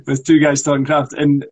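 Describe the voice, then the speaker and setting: Scottish actor, co-host, casual and chatty, slightly husky voice. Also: male voice, a little high. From Scotland. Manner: relaxed, chatty, rolls his R's. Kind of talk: casual chat.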